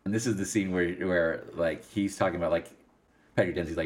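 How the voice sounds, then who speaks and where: A man in casual film discussion, animated, laughing often and acting out lines from scenes. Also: deep voice, brisk.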